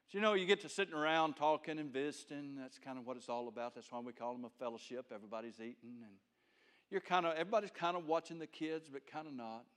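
A middle-aged male pastor preaching a sermon, folksy and homespun, dropping to soft low asides and rising to loud emphasis. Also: quick pace.

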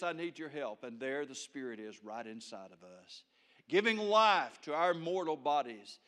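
Man, pastor, middle-aged, sermon, fairly high voice, folksy storytelling, soft asides and loud peaks. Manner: swings from soft low asides to loud raised emphasis.

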